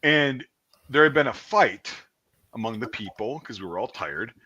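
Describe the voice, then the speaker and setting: A man tells a story as a podcast host in loose, casual talk, swearing freely. His pitch swings widely as he acts out the people he quotes. The voice sits in a middle register. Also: normal speed, slightly rough, muffled recording. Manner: profane, animated, acts out quotes.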